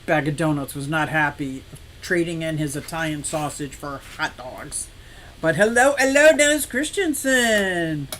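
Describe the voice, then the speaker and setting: A woman's voice: deep voice, unhurried, a little hiss or hum. A woman in her sixties hosting a casual live stream for her fish shop, greeting viewers by name, reading comments and telling rambling stories with frequent laughs. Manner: chatty and animated, laughs often, rambling anecdotes. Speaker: livestream host of an aquarium and fish shop.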